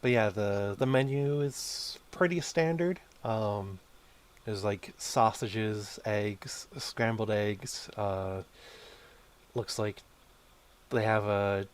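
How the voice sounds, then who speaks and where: A man runs a tabletop game in a slow, measured voice. He sits somewhat low in pitch and fills pauses with um and uh as he narrates. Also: clear, resonant tone. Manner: unhurried, with many fillers. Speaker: game master.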